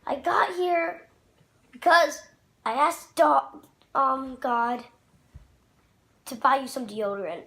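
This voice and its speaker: A man's voice: extremely high pitch, slow, gravelly, pauses often, sharp tone, heavily acted. A man playing a sassy puppet son. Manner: sassy and mocking. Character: cheeky young puppet son. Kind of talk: homemade puppet comedy.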